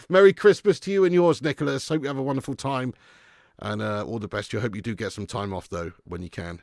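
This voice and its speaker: A man's voice: medium pitch, fairly quick, gravelly, no room sound, clean studio sound. A man hosting a live football watch-along, joking and laughing as he thanks viewers for super chats.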